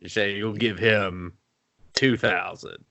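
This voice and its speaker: A man's voice: fairly low pitch, fairly even intonation, slow, vocal fry, pushed and bright. A man co-hosting a casual movie-review podcast, joking and swearing while acting out characters. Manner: joking, profane, laughs and acts out characters. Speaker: podcast co-host.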